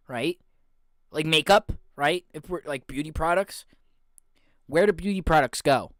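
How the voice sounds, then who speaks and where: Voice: medium pitch, no echo, studio quality. A podcast co-host in casual chat who asks a lot of questions. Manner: lively, questioning, drawn-out talk.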